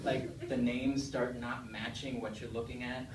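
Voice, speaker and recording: A man's voice: mid-range voice, little pitch movement, unhurried. Echoey stand-up comedian man. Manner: conversational, asks the crowd questions. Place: comedy club stage. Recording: echoey room, distant mic, faint noise.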